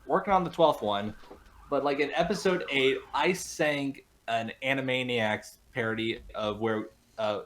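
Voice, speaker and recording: Young male podcast guest, mid-pitched, halting and chatty, quick to laugh. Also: a bit bright, slight background noise. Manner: rambling with many restarts, laughs easily. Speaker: podcast guest, voice actor and show creator. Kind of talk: casual podcast interview.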